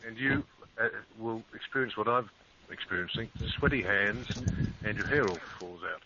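A man's voice: on the low side, moderate pace, pushed and bright, lo-fi sound, a little hiss or hum. A man co-hosting a radio chat, joking in a self-mocking, teasing way. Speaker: radio show co-host.

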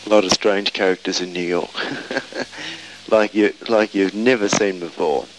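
A man's voice: low-pitched, steady tone, measured pace, noisy background. A man telling a casual, meandering travel anecdote. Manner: rambling, meandering storytelling.

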